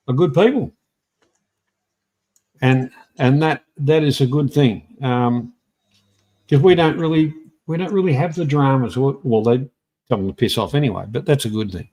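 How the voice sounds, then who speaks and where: Greeting viewers by name, an Australian livestream host rambles bluntly through a casual trivia stream. He speaks on the high side with a darkish tone.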